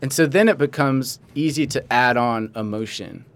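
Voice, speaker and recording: A man's voice: mid-range voice, normal speed. A young man, a writer and coach, talking earnestly and reflectively as a podcast guest. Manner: earnest, reflective, says "like" often. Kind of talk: casual interview chat.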